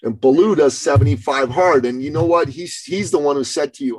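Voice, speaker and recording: A man's voice: a little high, moderate pace, few pauses, a little mellow, breathy edge, low-quality recording. A man in his fifties hosting a podcast, talking casually in a blunt, profane storytelling way. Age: 50s. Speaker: podcast host. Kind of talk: casual conversation.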